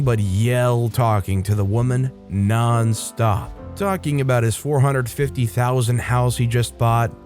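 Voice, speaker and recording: A man's voice: medium pitch, a little mellow. Casual male story narrator. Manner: casual, chatty commentary between stories. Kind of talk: reading online stories aloud.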